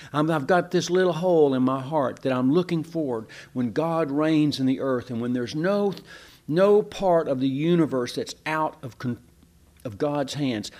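A man's voice: mid-range voice, a little mellow. A pastor delivers a sermon in a homey, easygoing manner. His voice sits in an ordinary middle male range, and he keeps turning to the congregation with questions. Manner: folksy, conversational preaching with rhetorical questions.

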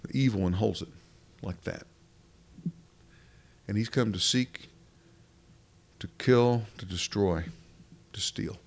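Man, preacher, sermon, gravelly voice, earnest and emphatic, rhetorical questions. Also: fairly low pitch, takes it slowly, long pauses.

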